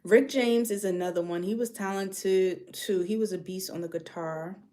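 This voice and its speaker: A woman's voice: medium pitch, steady tone, normal speed, dark tone. A woman from New York with a New York accent, chatting casually on a livestream and reading comments, drifting between topics. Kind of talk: casual chat.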